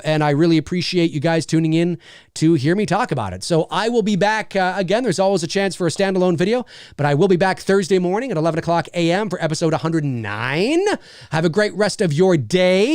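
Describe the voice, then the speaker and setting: A man hosting a casual livestream, talking in an animated, rambling way with lots of restarts. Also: on the high side, fast, smooth, no room sound, studio quality. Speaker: host and voice actor.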